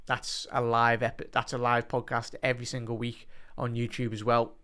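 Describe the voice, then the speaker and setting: A young man hosts a live football watch-along. His voice is smooth and clear, with a middle pitch. He chats easily with viewers by name and gets loud and excitable when the play picks up. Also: moderate pace. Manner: excitable, bursts into loud rising commentary during attacks; chatty, addresses the live chat by name. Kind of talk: live match watch-along commentary and chat.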